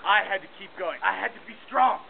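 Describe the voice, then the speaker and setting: A man telling a mock-heroic tall tale for a contest, in a deadpan, boastful way. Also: sits high, a little fast, gravelly. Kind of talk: mock-heroic storytelling performance. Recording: tinny lo-fi camcorder audio with hiss.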